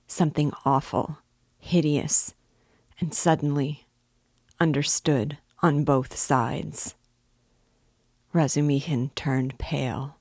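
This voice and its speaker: A woman narrating a classic novel in a measured, even reading voice. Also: low-pitched, slightly rough, no echo, clean studio sound.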